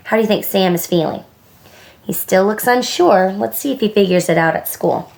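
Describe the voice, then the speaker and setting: A woman, a preschool director, reading a storybook aloud at children's story time, slow and gentle and pausing to ask the little listeners questions. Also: medium pitch, creaky.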